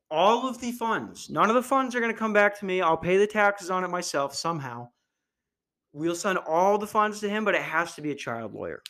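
Deadpan man on a comedy podcast. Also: mid-range voice. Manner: dry, deadpan delivery. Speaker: podcast host. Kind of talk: dark comedy podcast monologue.

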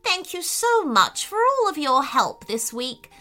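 A woman voicing a kind, very old lady who speaks warmly and gently. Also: sits high, sing-song, measured pace, voice pushed up, full character voice. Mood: grateful.

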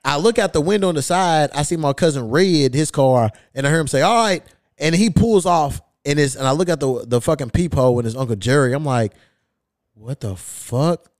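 A man's voice: on the high side, a little fast, no room sound, clean studio sound. A podcast host telling a long, profane story in casual chat, acting out the people he quotes. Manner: profane, acts out quoted voices.

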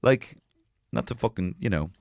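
A young Irish man, lower-pitched than most, tells a rambling comedic story on a podcast, his voice swinging widely up and down. He swears freely and jumps into loud impressions. The sound is close and dry, with no room around it. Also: lively intonation, moderate pace, gravelly, no room sound. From Ireland. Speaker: podcast co-host. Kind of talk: casual comedic chat.

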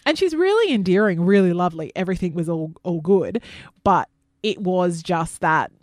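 A woman's voice: on the low side, animated, normal speed, no echo, studio quality. An Australian woman co-hosting a casual chat show, talking in a rambling, chatty way and laughing often. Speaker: co-host.

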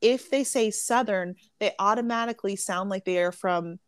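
A woman's voice: mid-range voice, normal speed, smooth, no echo. A woman chatting casually about a book she loved, opinionated and often laughing. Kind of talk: casual book review chat.

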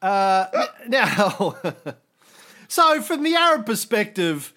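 Male podcast host, fairly high voice with big swings in pitch, animated and salty-mouthed. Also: takes it slowly. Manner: animated, swears freely, frequent restarts. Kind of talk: casual history chat.

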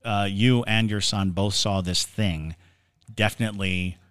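Male co-host, very low and smooth voice, thoughtful and measured; dry studio sound. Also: steady tone, fairly bright tone, dry recording. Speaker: podcast co-host. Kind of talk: casual chat.

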